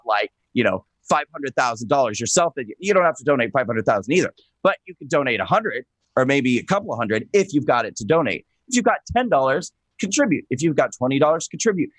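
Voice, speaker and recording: A man hosting a political talk show, excitable and gushing, rambling with many restarts and self-corrections. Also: medium pitch, no echo, low-quality recording. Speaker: host.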